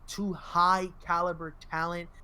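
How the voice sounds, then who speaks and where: A man co-hosting a casual wrestling podcast, talking fast and profanely and breaking into loud impressions. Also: high-pitched, little pitch movement, a little hiss or hum. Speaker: podcast co-host. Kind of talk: casual wrestling review chat.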